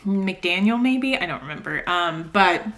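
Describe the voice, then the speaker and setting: Chatty, excitable young woman vlogger. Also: lowish voice, unhurried. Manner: chatty, excitable, laughs often, rambling asides. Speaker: book vlogger. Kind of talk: casual reading vlog chat. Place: home, indoors.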